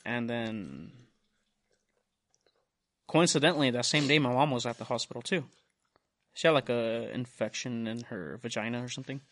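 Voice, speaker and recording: Talking at normal speed but pausing often, a young podcast host with a mid-range voice tells a long, profane story in casual chat. He animates it with quoted voices for the other people.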